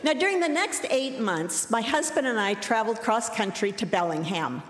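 A woman's voice: fairly high pitch, animated, normal speed. Wry woman telling a story on stage. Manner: self-deprecating, wry comic timing. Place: large hall. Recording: roomy hall with long reverb.

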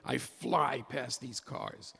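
A middle-aged man telling a humorous personal story to an audience, animated and excitable, with jokey asides. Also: mid-range voice, slow pace, vocal fry, slightly rough, big-room sound.

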